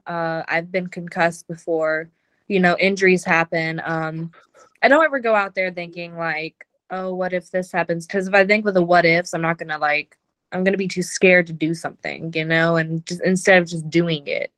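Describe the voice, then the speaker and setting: A woman's voice: lowish voice, a bit bright, no room sound. A woman wrestler, a guest on a podcast, answering questions hesitantly with many "um" and "like". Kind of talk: interview answers.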